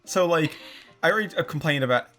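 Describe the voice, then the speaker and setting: Fast-talking man ranting over gameplay. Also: on the high side, soft background music. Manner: ranting, critical, animated. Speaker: let's play co-host. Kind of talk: casual gaming commentary.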